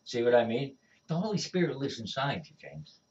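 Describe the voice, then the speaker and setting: A man speaking as an evangelist, telling stories of his faith in an animated, conversational way and often checking in with "all right?". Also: medium pitch, normal speed. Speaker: evangelist guest. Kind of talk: conversational testimony. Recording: dull distant lo-fi sound.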